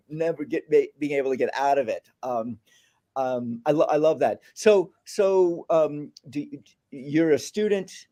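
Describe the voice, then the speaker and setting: Man, festival host, mellow voice, slightly high, friendly, lots of fillers. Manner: friendly, filler-heavy, chatty. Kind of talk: live stream interview hosting.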